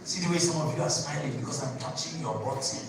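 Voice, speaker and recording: Pastor preaching in an echoey hall. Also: male voice, on the high side, fast, over a noisy crowd. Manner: preaching with sudden shouted bursts and call-and-response questions. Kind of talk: sermon. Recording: echoey hall from far off with noise.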